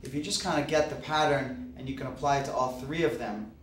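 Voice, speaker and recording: A man teaching a grammar lesson in a patient, explanatory way, often pausing on "uh" and "okay". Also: medium pitch. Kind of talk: classroom grammar lecture. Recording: roomy, distant mic, faint background hiss.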